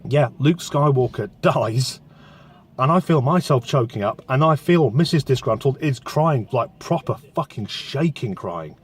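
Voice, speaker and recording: A man giving an excitable, sweary spoken film review from inside his car. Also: medium pitch, measured pace, breathy edge.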